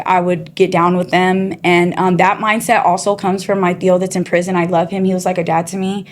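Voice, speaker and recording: A woman guest telling her life story in casual, streetwise speech, acting out the people in it. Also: fairly low pitch. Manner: chatty and streetwise, often says "you know" and "girl". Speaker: guest sharing her testimony.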